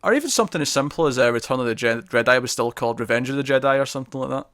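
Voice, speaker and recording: A man's voice: medium pitch, lively intonation, rapid-fire, a bit bright, no echo, studio quality. A man chatting casually on a TV review podcast, laughing often and acting out scene quotes.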